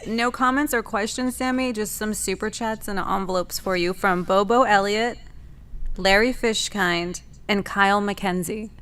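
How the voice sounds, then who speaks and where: A woman co-hosts a casual live show and reads viewer messages aloud. Her chat is loose and full of laughter. Her voice sits at a middle pitch. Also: unhurried, a bit bright, smooth. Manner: laughs a lot, chatty and loose. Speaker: co-host reading viewer messages.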